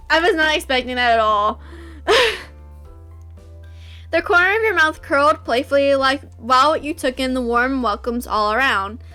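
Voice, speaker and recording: High, bright-voiced excitable woman reader. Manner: excitable, gushing, shrieks with delight. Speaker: visual novel reader. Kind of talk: reading a visual novel aloud with reactions.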